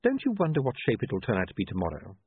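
A man voicing a cool, calculating male ruler who speaks in a precise, measured, dryly sardonic way. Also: fairly low pitch, huge pitch swings, slightly rough, no room sound, exaggerated voice. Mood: musing. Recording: tinny phone-like line.

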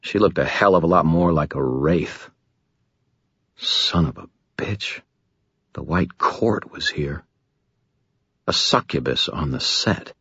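A man's voice: a bass voice, animated, slow, creaky, pauses often, fairly bright tone, breathy edge, dry recording. A man narrating a first-person audiobook in a wry, dry-humored, self-mocking way. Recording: dull muffled audio, dry.

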